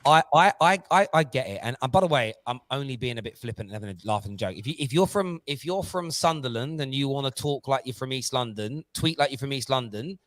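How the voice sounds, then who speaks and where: A man hosting a casual football chat stream, talking in an animated, jokey and excitable way. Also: mid-range voice, fast, hardly any pauses, dry recording. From Jamaica. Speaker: host.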